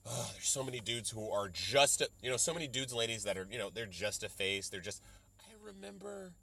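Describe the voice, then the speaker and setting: A young adult man hosting a solo podcast, rambling and profane as he riffs, slipping into quick mock voices to quote people. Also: mid-range voice, animated, creaky, bright, forceful tone. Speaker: podcast host. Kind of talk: solo comedic podcast rant.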